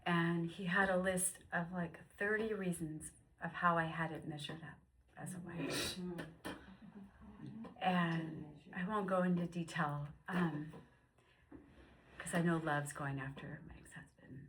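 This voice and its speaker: A woman in her fifties tells her faith story in a bright, clear, ringing voice. She is emotional and animated, and she acts out quotes as she goes. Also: on the low side, takes it slowly, pauses often, poor audio. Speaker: guest sharing her story. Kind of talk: personal faith testimony.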